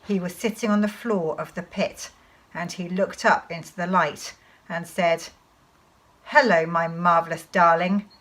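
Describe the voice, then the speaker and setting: A woman teacher reading a children's novel aloud to her class in an expressive storytelling manner. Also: fairly low pitch, measured pace, low-quality recording.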